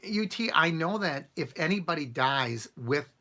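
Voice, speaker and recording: A man with a gravelly, bright voice chats with his live-stream viewers in an easy, rambling way. His pitch rises and falls a lot, and he chuckles between thoughts. He answers comments one by one, as they come in. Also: expressive, measured pace. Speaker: channel host answering live chat. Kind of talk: casual live-stream chat.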